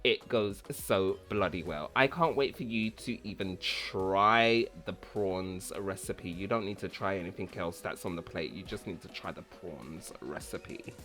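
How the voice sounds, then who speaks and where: A man's voice: sits low, a little slow, hardly any pauses, pushed and bright, soft background music. A man hosting a casual cooking vlog, chatty and rambling, who repeats words for fun. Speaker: cooking channel host.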